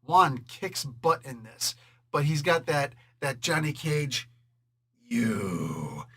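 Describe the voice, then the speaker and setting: A man talks through a comic book review in a casual, joking way, laughing often and playing out characters' lines in quick voices. His voice sits a bit high and sounds bright and forceful. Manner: animated and jokey, laughs often, does quick voices when quoting.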